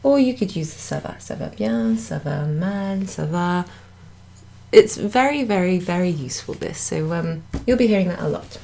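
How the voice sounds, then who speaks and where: A woman's voice: fairly low pitch, animated, normal speed, creaky, warm tone, a little hiss or hum. Chatty woman teaching French. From United Kingdom. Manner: chatty, self-correcting, laughs at her own slips. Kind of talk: beginner language lesson. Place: indoor room at a pub.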